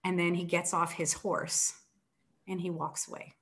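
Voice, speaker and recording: Woman, author, book talk, lively storytelling. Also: on the low side, unhurried. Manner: animated storytelling, acts out quoted voices.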